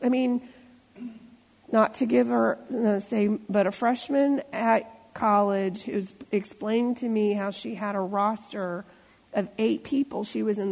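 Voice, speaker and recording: A middle-aged woman pastor preaching a sermon in a church, talking in a conversational way and often asking the congregation questions. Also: on the high side. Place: church sanctuary. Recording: long church reverb.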